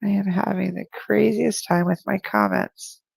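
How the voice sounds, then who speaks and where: A woman's voice: medium pitch, steady tone, measured pace, gravelly, slightly rough, no room sound, poor audio. A woman working as a psychic medium who gives a live-streamed spirit reading. She talks in a chatty, rambling way, full of "like," with light laughter.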